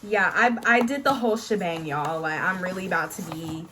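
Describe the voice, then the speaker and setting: A woman's voice: lowish voice, brisk, noisy background. A young adult woman chatting casually in a home beauty vlog, bubbly and sprinkling her talk with playful catchphrases. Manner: bubbly, peppers talk with "honey" and "period". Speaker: beauty vlogger.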